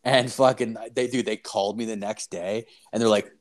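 A man from Canada telling a casual story, swearing constantly in an animated, loud way. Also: lowish voice, moderate pace.

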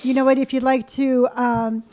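A woman's voice: high voice, level tone, mellow. Playful woman podcast co-host. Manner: playful, teasing, quick bursts. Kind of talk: casual podcast banter.

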